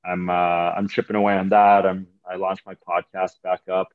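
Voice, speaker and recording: On tinny audio, a young comedian from Canada speaks in a smooth, narrow, low-pitched voice at normal speed. As a podcast guest in a casual chat, he spins animated, meandering stories laced with profanity.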